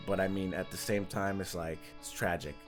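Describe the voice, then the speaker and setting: Animated young man reviewing anime. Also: deep voice, normal speed, soft background music. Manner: animated, jumps into loud excited bursts and laughs. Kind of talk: casual review vlog.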